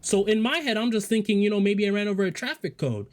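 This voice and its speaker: A man's voice: high-pitched, lively intonation, quick pace. Man telling a rambling, profane story. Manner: profane, rambling, joking asides. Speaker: storyteller vlogger. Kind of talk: casual storytelling monologue.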